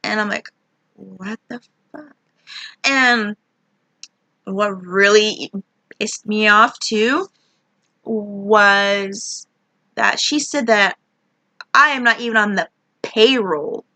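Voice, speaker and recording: A woman's voice: mid-range voice, slow, pauses often, pushed and bright, no echo. A young woman telling a frustrated, rambling story about her job, swearing a lot as she vents. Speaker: vlogger. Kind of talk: ranting personal story.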